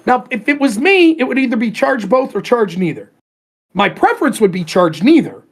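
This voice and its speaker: A man's voice: extremely high pitch, normal speed. Guy on a podcast going off about politics, swears a lot, voice jumping all over. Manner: animated, profane, ranting. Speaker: podcast host. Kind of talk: casual political rant.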